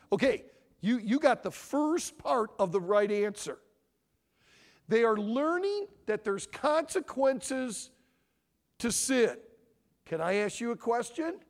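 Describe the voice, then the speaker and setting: An older man in his sixties preaches with a lively, sweeping delivery, his voice riding high. He talks emphatically and fires questions straight at the listeners. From Michigan. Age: 60s. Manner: animated, emphatic, asks audience questions. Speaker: conference speaker. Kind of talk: sermon-style teaching.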